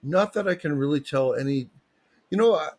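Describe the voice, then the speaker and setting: A man's voice: fairly high pitch, animated, normal speed, a little mellow. A man, hosting a livestream with rambling, joking, digressive chat. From Canada. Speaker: livestream host.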